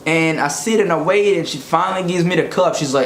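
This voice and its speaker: A man from Africa telling comedic stories in an animated, slangy, profane way. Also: a little high, fairly quick, vocal fry. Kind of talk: casual comedic storytelling. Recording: echoey room, faint noise.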